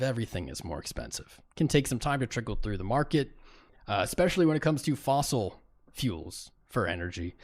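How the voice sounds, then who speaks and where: A man's voice: mid-range voice, a little mellow. A man hosting a live stream, chatting casually and greeting viewers in chat by name. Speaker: livestream host. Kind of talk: casual livestream commentary.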